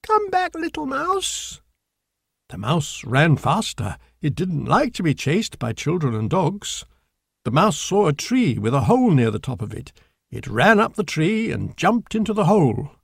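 A man reading a children's storybook aloud in a slow, clear, deliberate manner. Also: a little high, sing-song, no echo, clean studio sound. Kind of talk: storybook narration.

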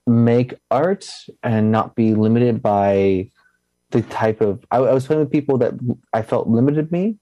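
A young man, a musician answering interview questions in a halting way, with restarts and a slight lisp. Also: mid-range voice, dry recording, dull audio. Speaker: musician guest.

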